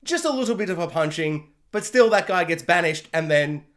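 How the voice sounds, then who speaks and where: A woman giving a casual, joking spoiler review of a TV episode, animated and quick to act out characters in little voices. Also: on the low side.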